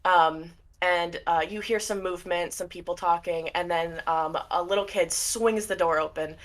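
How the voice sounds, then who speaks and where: A woman's voice: lowish voice, steady tone, moderate pace. A woman narrating as game master of a tabletop game, casual and full of fillers.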